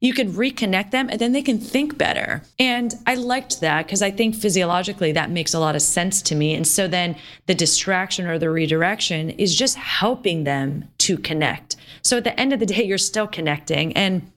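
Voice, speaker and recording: Chatty woman podcast co-host, low voice. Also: normal speed, hardly any pauses. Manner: chatty, animated, lots of "like" and "you know" fillers. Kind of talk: casual podcast chat.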